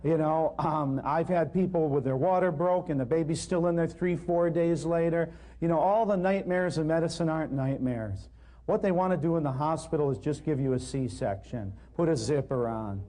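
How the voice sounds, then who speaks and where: Man telling wry stories, mellow voice. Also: a little high, normal speed. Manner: humorous, wry, self-deprecating. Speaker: natural healing lecturer. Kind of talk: anecdotal storytelling talk to a live audience. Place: live talk in front of an audience.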